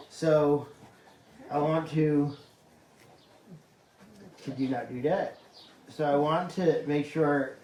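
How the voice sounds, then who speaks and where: A man's voice: on the high side, fairly even intonation, takes it slowly, pauses often, darkish tone, roomy sound, a little hiss or hum, low-quality recording. A man caring for animals at a sanctuary, chatting casually to the camera and slipping into cooing baby talk with the animals. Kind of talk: casual vlog narration.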